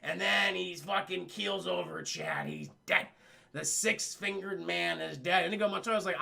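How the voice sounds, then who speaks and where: Animated, swearing young man recapping a film. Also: sits high, gravelly. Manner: animated, swears a lot, acts out lines in quick put-on voices. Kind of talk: profane comic film recap to live chat.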